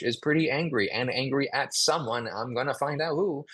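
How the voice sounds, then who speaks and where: A husky-voiced man leads a live online writing class and reads his example sentences aloud with feeling. His pitch swings widely as he talks. The sound is close and dry, with no room around it. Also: lively intonation, normal speed, hardly any pauses, a bit bright, dry recording. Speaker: writing instructor.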